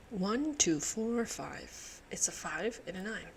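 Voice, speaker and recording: A woman's voice: mid-range voice, lively intonation, a little slow, vocal fry, hardly any pauses, husky. A woman hosting a puzzle channel, thinking aloud as she solves, muttering to herself, swearing and laughing often.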